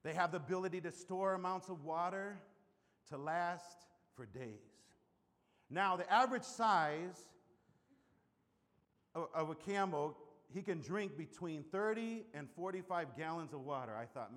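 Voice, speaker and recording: A man preaching a sermon as pastor, telling stories with loud bursts and hushed asides. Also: fairly high pitch, lively intonation, a little slow, long reverb tail.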